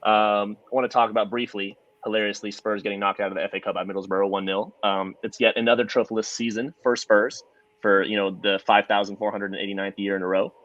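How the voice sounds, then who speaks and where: A man's voice: fairly low pitch, little pitch movement, fairly bright tone, no room sound, muffled recording. A man hosting a casual sports podcast, joking and steering the talk from topic to topic. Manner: fast, jokey, leads the topics. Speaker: podcast host.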